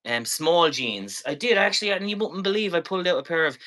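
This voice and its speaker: Bright-voiced chatty man. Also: on the high side, animated, a little fast. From Ireland. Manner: chatty, playful, rambling. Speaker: live-stream seller. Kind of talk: live selling stream chat.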